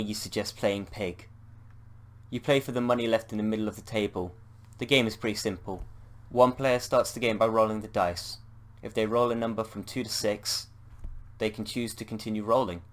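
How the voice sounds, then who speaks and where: A man's voice: fairly low pitch, steady tone, normal speed. A man with a British accent reading a text adventure game aloud as he plays, playful and swearing at his slip-ups. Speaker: gamer.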